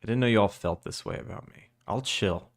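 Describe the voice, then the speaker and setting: A young man chatting casually with viewers on a live stream, drowsy and relaxed in his early-morning voice. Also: lowish voice, a little fast. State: just woken up, morning voice. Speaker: game developer streamer.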